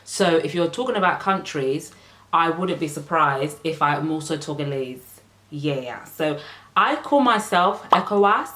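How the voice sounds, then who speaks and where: A young woman born in the United Kingdom vlogs to camera in a playful, chatty way, laughing often. Her voice is deep, a bit bright and a little slow, with lively intonation and a roomy sound.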